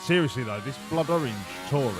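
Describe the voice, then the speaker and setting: A man's voice: mid-range voice, animated, fast talker. Sweary man streaming a game. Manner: sweary, joking, rambling. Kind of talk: live-streamed gameplay commentary.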